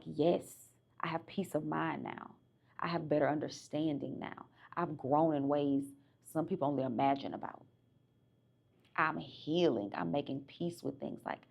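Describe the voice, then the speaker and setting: Young woman talking real candid on her podcast, deep voice, super gravelly. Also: a little mellow. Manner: candid, conversational, quotes her own inner dialogue. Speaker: podcast host. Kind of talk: reflective personal monologue.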